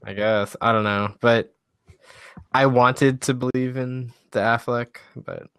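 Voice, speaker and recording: A man's voice: medium pitch, steady tone, takes it slowly, a bit bright, clear, resonant tone. Laid-back, dry-humored podcast guy. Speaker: podcast co-host. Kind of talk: casual chat.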